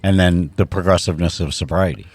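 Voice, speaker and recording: Male co-host, very deep voice, short affirmations and probing questions, dry booth sound. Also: fast talker, darkish tone, slightly rough, dry recording. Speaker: podcast co-host. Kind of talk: casual recovery podcast chat. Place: podcast studio.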